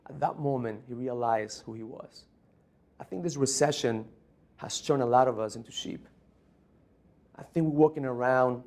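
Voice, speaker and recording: A man's voice: medium pitch, darkish tone. Brief: male keynote speaker, emphatic, storytelling, mid-range voice. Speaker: motivational speaker. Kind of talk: conference keynote speech.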